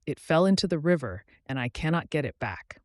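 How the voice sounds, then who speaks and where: Humble storybook woodcutter, a man reading him, earnest, lively intonation, dry sound. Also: fairly high pitch, fairly quick, no room sound. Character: poor, honest grown male woodcutter.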